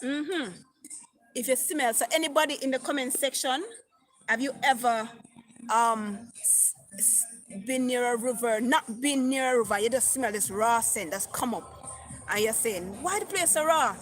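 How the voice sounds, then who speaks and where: A chatty middle-aged Jamaican vlogger reads viewer comments aloud on a phone livestream and weaves in patois. Unhurried, she speaks in a fairly high voice with fairly even intonation, while faint music plays behind her.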